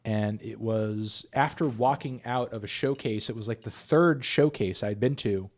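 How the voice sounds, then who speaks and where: With a lowish voice and a measured pace, a music reviewer takes questions from viewers on a casual livestream. His style is loose and chatty, peppered with fillers and the odd curse.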